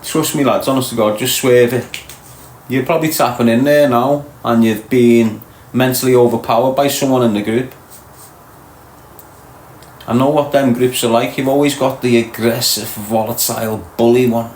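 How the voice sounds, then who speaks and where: A man's voice: mid-range voice, fairly even intonation, normal speed, darkish tone. A Scouse man talks straight at his viewers, blunt and preachy, like a stern older brother laying down the law. His voice sits mid-range and carries through a roomy, echoey space. A faint hum of ambience sits underneath. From Liverpool, England. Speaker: podcast host. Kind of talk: live-stream monologue to viewers.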